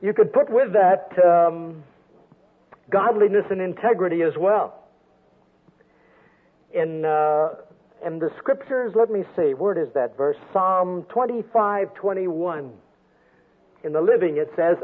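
An older man preaching a sermon with a storytelling manner, swinging from loud emphasis down to a soft hush. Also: high voice, slow, pauses often, breathy edge. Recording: tinny phone-like radio sound.

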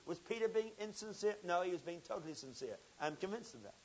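A man preaching a sermon, telling a story with swings from loud emphasis to quiet intensity. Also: high-pitched, sing-song, quick pace, muffled recording.

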